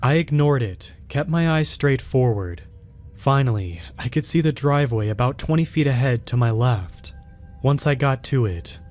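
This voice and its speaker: A man at an ordinary middle pitch tells a first-person horror tale from a script. His delivery is steady and measured, keeping an even storytelling pace.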